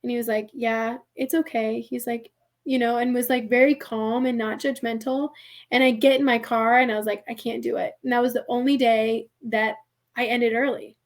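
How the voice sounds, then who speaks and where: A young woman with a somewhat high voice recounts a personal story on a podcast. She talks casually and animatedly, peppering her sentences with "like" and slipping into the voices of people she quotes. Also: moderate pace. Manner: animated, heavy use of "like", acts out quoted voices. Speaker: podcast guest.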